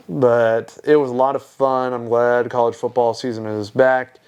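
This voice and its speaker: A man's voice: mid-range voice, steady tone, unhurried, darkish tone, clean tone. Give me a young man telling a laughing story on a podcast. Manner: laughing storyteller, mimics voices in his anecdotes. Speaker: podcast co-host. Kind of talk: casual chat.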